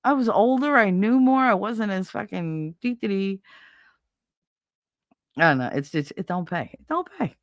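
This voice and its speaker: A woman's voice: mid-range voice, moderate pace, long pauses, no echo, clean studio sound. A middle-aged woman hosting a casual livestream, venting bluntly and profanely about her kids and household chores. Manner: blunt, profane, exasperated ranting. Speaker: livestream host.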